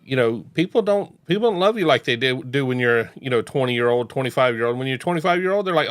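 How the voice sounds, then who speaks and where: A man's voice: medium pitch, lively intonation, fairly quick, few pauses. A man hosting a casual chat show, talking in a rambling way with many restarts. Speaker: podcast host. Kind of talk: casual chat reacting to court videos.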